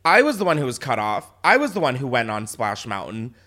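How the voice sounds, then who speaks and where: A man hosting a podcast, telling stories in a loud, animated, swearing, laughing way. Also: mid-range voice, a little fast. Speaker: podcast host. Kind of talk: casual chat.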